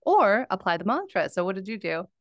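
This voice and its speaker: Female podcast host, medium pitch, effusive and eager, dry close sound. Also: very animated, brisk, no room sound. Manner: enthusiastic, effusive. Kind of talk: interview conversation.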